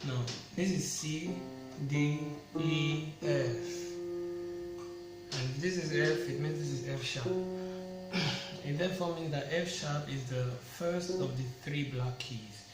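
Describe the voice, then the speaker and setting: A man teaching a piano lesson, explaining slowly step by step and naming fingers and notes. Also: on the high side. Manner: slow, step-by-step explaining, counting fingers and singing note names. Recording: echoey room with loud piano. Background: piano playing.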